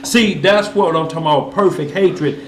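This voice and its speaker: A man hosting a Bible discussion, telling stories in a lively, casual way. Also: a little high, moderate pace, echoey room, a little hiss or hum. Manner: lively storyteller, casual vernacular. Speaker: Bible study host. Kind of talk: animated scripture discussion.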